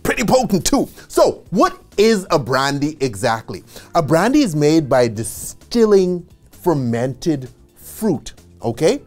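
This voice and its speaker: A man giving an instructional bartending lesson, chatty and animated, who often checks in with a quick "okay?" and adds joking asides. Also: fairly high pitch, faint music behind. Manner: casual and chatty, with asides and small laughs.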